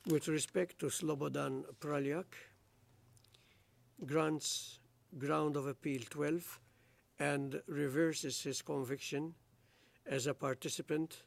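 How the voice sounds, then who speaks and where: Male judge, formal judgment reading, slow pace, gravelly texture. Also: on the high side, steady tone, dry recording. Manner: slow, measured legal recitation. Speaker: presiding judge.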